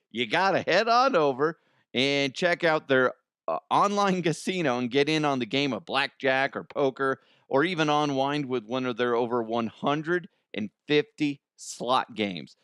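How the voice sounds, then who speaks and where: A man's voice: mid-range voice, fairly bright tone, dry recording, clean studio sound. A man hosting a comedic news podcast in a casual, joking way, laughing often; he sounds like he is in his thirties and records at home. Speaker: podcast host.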